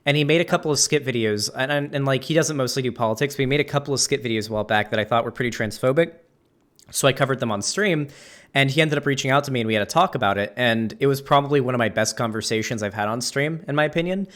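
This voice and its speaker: A man's voice: mid-range voice, fast talker, fairly bright tone. A man hosting a casual conversation, rambling with many fillers and restarts. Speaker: streamer and host.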